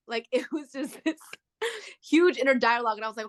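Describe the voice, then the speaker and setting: A woman's voice: medium pitch, fast talker, fairly bright tone. A young adult woman co-hosting a podcast, chatting casually with lots of fillers like "dude" and "like". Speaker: podcast co-host. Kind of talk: casual chat.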